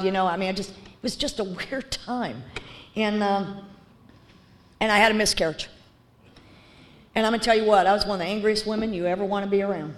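A woman's voice: mid-range voice, fast talker. Woman, frank recovery-meeting testimony, blunt, lots of ums and restarts, mid-range voice. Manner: candid and blunt, with many fillers and restarts. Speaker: speaker sharing her recovery story. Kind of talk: personal testimony talk.

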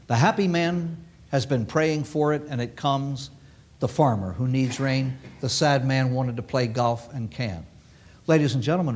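A man's voice: mid-range voice, a little mellow, breathy edge. A man preaching a sermon to an audience, emphatic and repeating key phrases for weight.

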